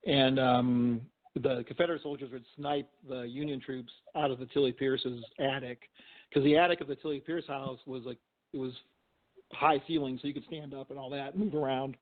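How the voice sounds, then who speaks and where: Over a tinny phone line, a middle-aged man, a physician and paranormal investigator, tells stories as a guest in an interview. His voice is mid-range and steady at a moderate pace, and he rambles casually, restarting often and saying "you know" a lot.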